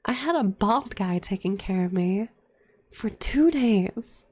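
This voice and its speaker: Breathy woman in whispered ASMR chat. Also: mid-range voice, animated, slow, darkish tone. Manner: candid, profane storytelling with many fillers. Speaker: streamer.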